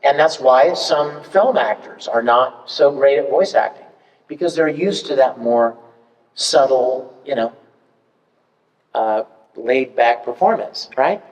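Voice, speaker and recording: A man speaking as the guest voice actor at a convention fan panel, telling stories in an animated way and acting out examples, heard in an echoey hall from far off. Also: mid-range voice, takes it slowly. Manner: animated, acts out examples with big swings.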